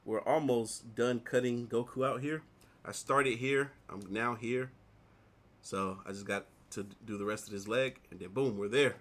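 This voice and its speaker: A man in his thirties, an artist vlogger, casually telling a personal story in a rambling, animated way while he works on a drawing. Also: medium pitch, measured pace. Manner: rambling, animated retelling with repeated "like".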